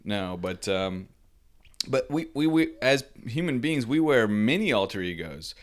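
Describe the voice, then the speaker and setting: A man co-hosting a comedy podcast, riffing on ideas in a wry, deadpan way. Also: medium pitch, unhurried. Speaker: podcast co-host. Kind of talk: casual comedic chat.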